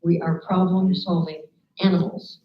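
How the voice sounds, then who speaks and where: Lively storytelling woman on stage. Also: lowish voice, measured pace. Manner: lively storyteller, acts out quoted people. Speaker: motivational speaker. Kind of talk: live talk to an audience with slides. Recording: echoey room, dull lo-fi sound.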